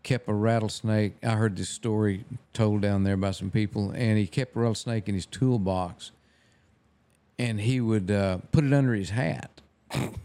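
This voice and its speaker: Older man, folksy halting storyteller. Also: lowish voice, fairly even intonation, dark tone, clean tone. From Texas. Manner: halting, restarts, folksy drawl. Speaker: guest photographer. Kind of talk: casual storytelling.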